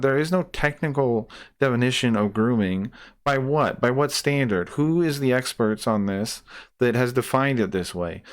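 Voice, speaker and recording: A man with a smooth, resonant voice tears into his target in an exasperated, profane rant. He loops back, restarts lines and piles on repeats as he gets worked up, and his pitch sits in a middling range for a man. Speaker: streamer reacting to a debate clip. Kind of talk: heated reaction commentary.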